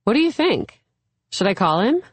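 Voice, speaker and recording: A woman's voice: medium pitch, very animated, moderate pace, breathy edge, no room sound, voice pushed up. Woman voicing a bubbly, gushing young woman. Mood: giggly, excited. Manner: gushing, eager, giggly.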